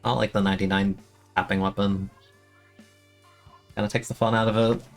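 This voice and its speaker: A young man streaming a game, complaining in an exasperated, self-mocking way, with sudden high-pitched outbursts. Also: level tone, a little fast, soft background music. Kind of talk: casual live-stream commentary.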